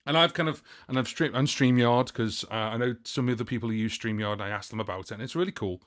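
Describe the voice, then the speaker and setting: A man's voice: medium pitch, quick pace, a bit bright. Chatty man hosting a music livestream. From United Kingdom. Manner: chatty and rambling, many fillers and self-corrections. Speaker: livestream host and looping musician. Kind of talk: casual livestream chat answering viewer questions.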